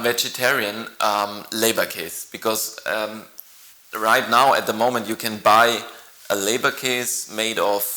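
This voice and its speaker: A male actor introducing himself to camera, halting and playful, with many pauses. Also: lowish voice, pushed and bright, echoey room, rough recording.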